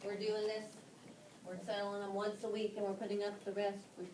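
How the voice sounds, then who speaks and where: A woman leading a phonics workshop for teachers, spelling letters out slowly with frequent ums and restarts. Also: medium pitch, monotone. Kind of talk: classroom-style instruction to fellow teachers. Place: classroom. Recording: roomy, distant and noisy classroom recording.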